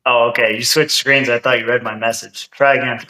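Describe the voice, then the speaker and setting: Co-host, man, bright voice, roomy echo, short blunt replies. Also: mid-range voice, fairly even intonation, moderate pace. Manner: brief, blunt answers, swears. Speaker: podcast co-host. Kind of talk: casual political podcast chat. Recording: roomy room sound.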